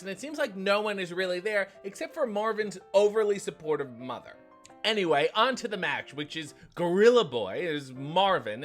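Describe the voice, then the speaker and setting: A man's voice: high-pitched, a bit bright. A man hosting a comedic recap of a TV episode, sarcastic and profane in his storytelling. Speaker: host.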